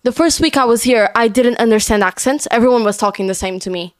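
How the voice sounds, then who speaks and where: A young woman from Portugal with a Portuguese accent, a student guest telling stories in a lively, animated way. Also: on the high side, fast, no room sound, clean studio sound. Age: young adult. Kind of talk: casual podcast chat.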